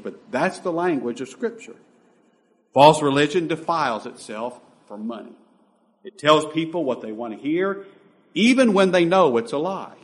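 Emphatic man preaching. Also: a little high. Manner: emphatic preaching with sudden loud peaks. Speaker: pastor. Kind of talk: sermon.

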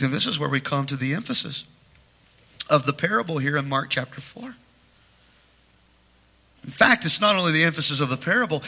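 A man preaching a sermon in a church, his voice pitched high and edged with a bright, sharp tone. He drives his points home with a rhythmic, repetitive cadence. He surges to loud emphatic peaks, then sinks to low, hushed asides. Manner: swings between loud emphatic peaks and low near-whispers. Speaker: pastor. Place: church sanctuary.

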